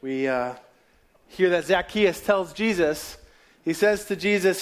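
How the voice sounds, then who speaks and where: High-voiced male preacher. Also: animated, unhurried. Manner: storytelling, dropping to quiet asides. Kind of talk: sermon.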